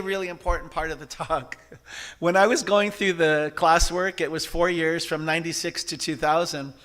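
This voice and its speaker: Bright-voiced man giving a spiritual talk. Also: high voice. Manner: lively, interactive, asks the audience questions. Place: church service hall.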